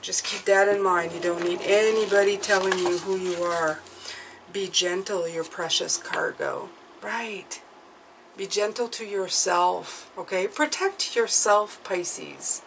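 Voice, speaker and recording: A woman giving a tarot reading to her viewers, speaking gently and reassuringly and often checking in with "okay?". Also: mid-range voice, takes it slowly, noisy background. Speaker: tarot reader.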